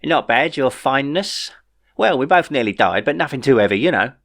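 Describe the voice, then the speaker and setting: A man's voice: fairly high pitch, wildly swooping pitch, fairly quick, pitched above the performer's own voice. A man voicing a cheeky, optimistic man who talks in an upbeat, teasing way in a storybook reading. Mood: excited.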